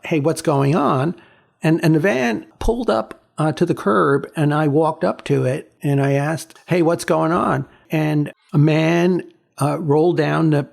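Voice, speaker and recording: A man in his sixties, a photographer being interviewed, telling stories in a halting way with many repeats and fillers. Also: fairly high pitch, creaky, a little mellow. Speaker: photographer, guest. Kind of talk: reflective storytelling in an interview.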